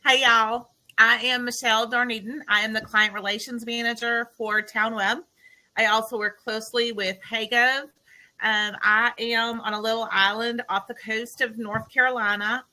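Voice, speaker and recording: A woman's voice: on the high side, level tone, moderate pace, sharp tone, rough recording. Bubbly woman with a Southern accent. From US Midwest. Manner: bubbly, sunny. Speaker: client relations manager. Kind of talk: casual self-introduction. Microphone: video call.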